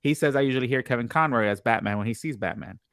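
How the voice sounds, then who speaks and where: A man's voice: mid-range voice, fast, dry recording, clean studio sound. A man hosting a casual live show, asking questions and hyping his guest. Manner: excited, hypes the guest. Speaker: host.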